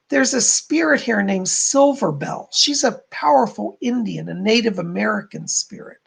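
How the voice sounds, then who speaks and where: Male psychic medium host; gravelly, husky tone, gentle delivery on a live stream. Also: high voice, animated, normal speed, hardly any pauses. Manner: soft, relaying spirit messages, warm thanks to donors.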